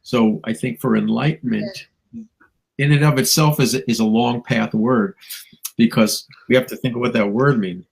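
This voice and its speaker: A man's voice: medium pitch, fairly even intonation, moderate pace, creaky, slightly rough, rough recording. A man, a spiritual teacher and guest, musing reflectively in a talk show conversation, with chuckles and playful asides.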